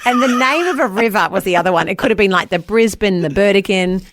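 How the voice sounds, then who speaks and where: A woman's voice: mid-range voice, animated, fast. A woman with an Australian accent co-hosting a morning radio show, cheerful and encouraging. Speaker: radio host. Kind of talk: casual radio chat.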